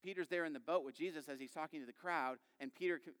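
A man in his thirties preaching a sermon in a relaxed, conversational way, acting out quick quoted voices as he tells stories. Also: fairly high pitch, clear, resonant tone. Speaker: pastor. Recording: long reverb of a large hall.

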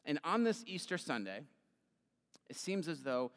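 A man's voice: on the high side, very animated, a little slow. A man preaching an Easter sermon as pastor, retelling scripture in a casual, conversational way with fillers. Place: church sanctuary. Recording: long hall reverb.

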